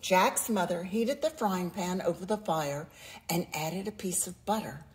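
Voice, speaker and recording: In a fairly low voice, a woman reads a children's picture book aloud, drawing out the story in a slow, expressive, sing-song manner.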